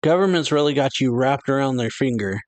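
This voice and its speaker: A man's voice: mid-range voice, brisk, darkish tone, lightly acted. A man reading out the lines of a hot-headed male pirate rival, scolding and angry.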